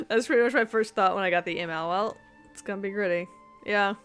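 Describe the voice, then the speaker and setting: A woman's voice: mid-range voice, unhurried, long pauses, fairly bright tone, soft background music. A woman streaming a game, chatting casually with viewers in a rambling, giggly way. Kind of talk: casual live-stream chat.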